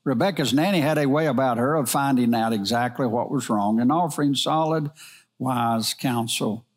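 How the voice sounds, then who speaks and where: A middle-aged man reads a moral story aloud, gentle and earnest. His pitch sits in an ordinary middle range for a man, and he reads steadily with the odd small slip. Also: normal speed.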